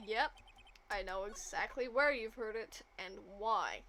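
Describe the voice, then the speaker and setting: A woman's voice: mid-range voice, animated, unhurried, pushed and bright, slight background noise. A woman streamer chatting casually while playing a game, with an amused manner. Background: game music.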